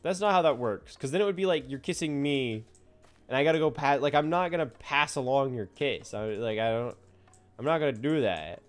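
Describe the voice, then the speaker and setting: Playful streamer man, lively pitch. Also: brisk, soft background music. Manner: playful, teasing, often laughing. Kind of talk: casual gameplay chat.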